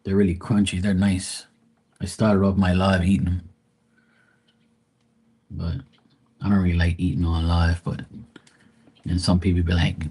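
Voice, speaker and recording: A man with a deep, husky voice chats loosely and profanely while hosting a livestream. He rambles from one point to the next in an offhand, conversational way. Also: little pitch movement, fairly quick, darkish tone. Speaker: tarot reader livestream host. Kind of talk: casual livestream chat.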